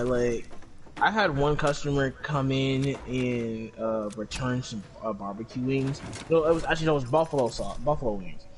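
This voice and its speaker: A man chats casually, stumbling through restarts and acting out little quoted exchanges as he tells a story. His voice sits high and swings widely. A faint hum of noise runs underneath. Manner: rambling, profane, many restarts and quoted dialogue. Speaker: podcast co-host telling work stories.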